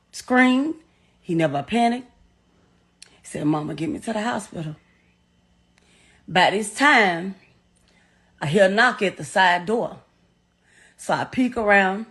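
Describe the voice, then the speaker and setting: This interviewee is the mother of the deceased, a middle-aged woman with a Southern US accent and a mid-range, a bit bright voice. Her personal account of grief comes out raw, distressed and profane.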